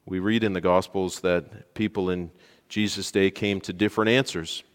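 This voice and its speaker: A man preaching a sermon, telling a story with lively emphasis, rising loud at key points and dropping to near quiet for dramatic moments. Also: low-pitched, normal speed. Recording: long hall reverb.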